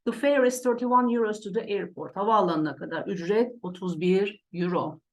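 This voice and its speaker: A woman teaching English vocabulary, repeating each word pair slowly and checking in with "okay" and "right". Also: mid-range voice. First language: Turkish. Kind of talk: slow classroom lesson explanation.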